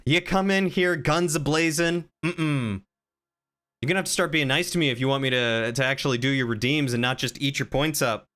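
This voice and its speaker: A man's voice: medium pitch, brisk, fairly bright tone. A man chatting casually on a live stream, reading chat and teasing viewers in a playful, rambling way.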